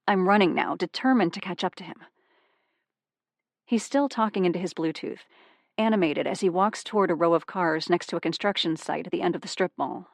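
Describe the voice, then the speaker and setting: A woman narrating a first-person psychological thriller audiobook, tense and hushed in dark moments. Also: lowish voice, vocal fry, dry recording, studio quality.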